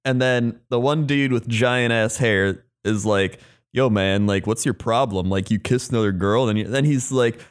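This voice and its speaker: A man's voice: mid-range voice, moderate pace, clear, resonant tone. A man co-hosting a podcast in laid-back casual chat, agreeable and easygoing. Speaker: podcast co-host.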